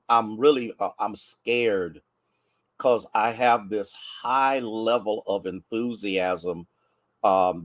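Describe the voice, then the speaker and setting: An American man, a pastor, chatting warmly with livestream viewers and greeting them by name, a bit congested from sneezing. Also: on the low side, dry recording.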